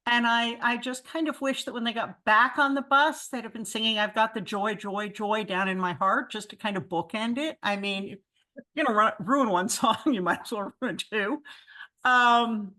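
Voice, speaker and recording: A woman's voice: a little high, normal speed, bright, forceful tone. A woman moderating a fan panel on a video call, calling on speakers and adding wry opinions of her own. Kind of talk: casual video-call chat.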